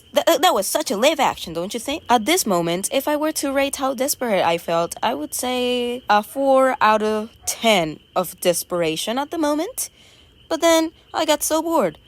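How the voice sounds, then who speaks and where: A woman narrating her own video in a playful, goofy way, stammering and making up silly words, swinging between lively bursts and low mumbles. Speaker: vlogger. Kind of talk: casual voice-over narration of a video.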